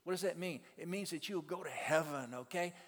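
A man's voice: on the high side, fairly quick. A man telling a testimony as a ministry teacher, an earnest storyteller who stumbles and repeats his words. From South Louisiana. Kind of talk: testimony talk to a church audience. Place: auditorium. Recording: long hall reverb.

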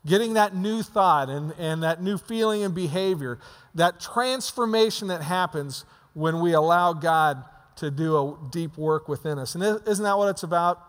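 High-voiced pastor preaching in a hall. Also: male voice, normal speed. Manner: conversational preaching with many restarts. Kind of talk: sermon. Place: church sanctuary.

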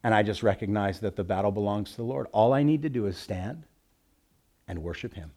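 A man's voice: fairly low pitch, fairly quick. Preaching man reading scripture aloud. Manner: swings from loud scripture reading to quiet reflective asides; reads Bible passages aloud with emphasis. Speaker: pastor. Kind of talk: sermon.

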